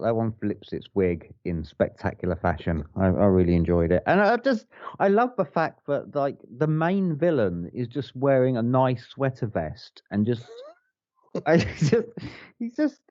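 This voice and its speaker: A man's voice: medium pitch, very animated, a little slow, dry recording, highs cut off. A man co-hosting a podcast, chatting casually and enthusiastically about films, swearing and rambling with restarts. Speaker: podcast co-host. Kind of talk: casual film review chat.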